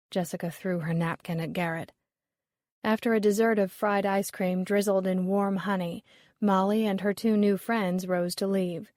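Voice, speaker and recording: Reading a mystery as scripted audiobook narration, a female narrator keeps a steady storytelling rhythm. Her pitch is medium, and the studio sound is clean with no room sound.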